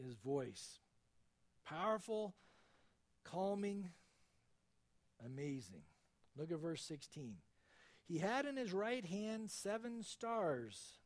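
A man preaching a verse-by-verse sermon, fervent and emphatic, his voice jumping up in loud peaks. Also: a little high. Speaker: pastor.

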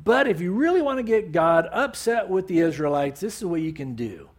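A man voicing a greedy male prophet who lays out a scheme in a low, confiding tone. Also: expressive, fairly quick. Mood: scheming.

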